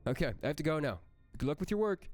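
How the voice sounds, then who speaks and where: Man doing a young woman, light and breezy, high-pitched, on the phone, dry sound. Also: big pitch swings, quick pace, no room sound, faint music behind. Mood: breezy, friendly. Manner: light, breezy, slips into an accent.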